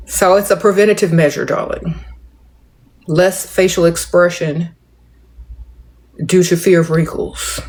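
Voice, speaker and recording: A middle-aged woman hosting a casual livestream and chatting with viewers. She speaks with very little mouth movement, in a restrained, measured and playful drawl, and calls viewers "darling" and "y'all.". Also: fairly low pitch, fairly even intonation, darkish tone. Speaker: livestream host. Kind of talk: casual livestream chat answering comments.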